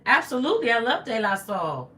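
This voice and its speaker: Sing-song and fairly quick, a woman's high-leaning voice comes across pushed and bright, with a little hiss or hum. She hosts a casual livestream from an echoey room, sounding slightly congested as she reads comments and repeatedly thanks viewers.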